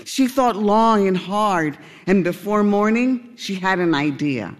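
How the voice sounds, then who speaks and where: A man narrating a storybook tale in a gentle, unhurried way. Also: high-pitched, animated, big-room sound.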